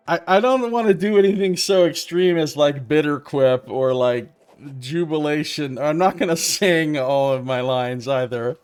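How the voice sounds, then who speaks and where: A man's voice: mid-range voice, smooth. A man streaming a video game, chatting casually and self-amused as he tries out character voices. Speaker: let's play streamer.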